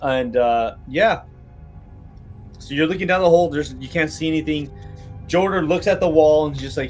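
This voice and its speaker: A man runs a tabletop game as game master, narrating in a halting, meandering way full of restarts. His voice sits a little high for a man, with faint music playing underneath.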